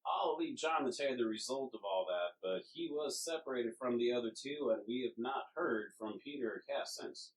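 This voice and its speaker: A man's voice: mid-range voice, moderate pace, hardly any pauses, far from the mic, lightly acted, low-quality recording. A man voicing a polite, businesslike leader who gives formal briefings with a few hesitations. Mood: explaining.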